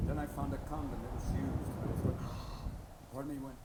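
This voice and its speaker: A middle-aged man performing a stand-up comedy routine, jumping between mumbled asides and shouted bits. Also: medium pitch, normal speed, pauses often. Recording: roomy live recording with background noise.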